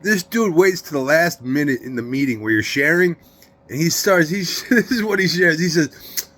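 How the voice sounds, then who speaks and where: A middle-aged man, telling a story in an interview in streetwise slang, emphatic and animated. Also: fairly high pitch, moderate pace, a little hiss or hum. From New York.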